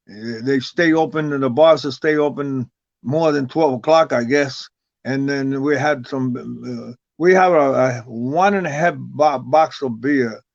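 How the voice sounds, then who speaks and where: An older man tells a story as a guest, rambling along and tripping over repeated words. His voice sits a little high. The recording is dull and lo-fi with a very dry sound. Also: no echo. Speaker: guest, retired wrestler. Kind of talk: casual storytelling interview.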